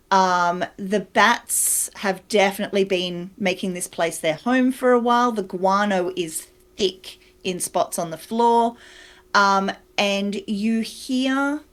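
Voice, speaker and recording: A woman runs a tabletop game as storyteller, setting each scene at a slow, deliberate pace. She pauses often with "um" and "uh" as she hunts for the right word, and her voice sits at an ordinary middle pitch. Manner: unhurried, searching for words with frequent fillers.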